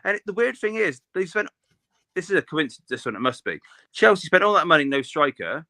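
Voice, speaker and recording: Bloke ranting about football, bright voice, a bit high, dry sound. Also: male voice, sing-song, fairly quick, no room sound. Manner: opinionated, rambling with restarts. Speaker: podcast co-host. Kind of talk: casual football chat.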